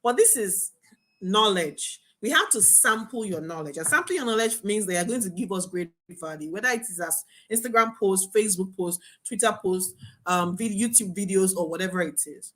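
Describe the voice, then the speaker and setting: A young adult woman teaching a marketing webinar as a coach, talking in an animated, emphatic way. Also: mid-range voice, moderate pace. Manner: animated, emphatic, laughs and acts out students' voices.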